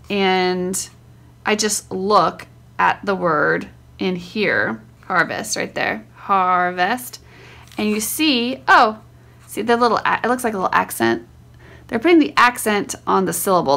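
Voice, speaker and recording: A woman with a mid-range voice and a gravelly, fry-edged texture walks through a homeschool spelling routine. She talks in a relaxed, chatty way, slowing down to sound out words syllable by syllable. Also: medium pitch. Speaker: homeschool teacher. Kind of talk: casual teaching demonstration.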